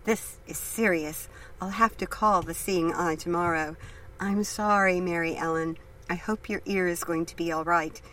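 A woman's voice: lowish voice, fairly even intonation, moderate pace, bright, forceful tone, a little hiss or hum, rough recording. A woman reading the lines of a blind male judge who is shaken and apologetic, in an earnest, distressed way.

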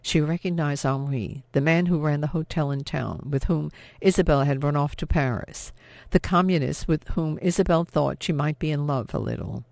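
A man narrates an audiobook in a steady, measured way. His voice sits a little high and has a gravelly fry. The recording is close and dry, with no room around it. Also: no room sound. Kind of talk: scripted narration.

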